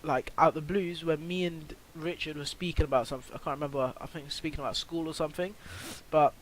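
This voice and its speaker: A man's voice: fairly high pitch, steady tone, fast talker, a little hiss or hum, low-quality recording. A teenage boy tells a storytime vlog in a rambling way, full of fillers and swearing. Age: teens. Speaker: vlogger.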